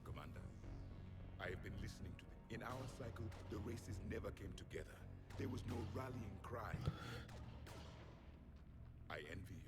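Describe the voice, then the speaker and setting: A man's voice: fairly low pitch, animated, normal speed, pauses often, natural voice. An actor with a Nigerian accent playing a grim, ancient male alien soldier who speaks in a formal, grave manner. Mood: solemn. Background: loud game music.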